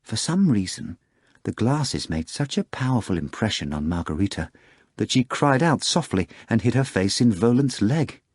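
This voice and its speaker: A man narrating an audiobook in a measured, even manner. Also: fairly low pitch, breathy edge, no echo, clean studio sound. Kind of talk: scripted narration.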